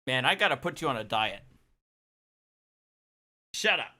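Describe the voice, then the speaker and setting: A man's voice: medium pitch, quick pace. Tipsy, profane male streamer. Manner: laughing, profane, excitable. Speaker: streamer hosting a review show. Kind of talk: casual reaction commentary.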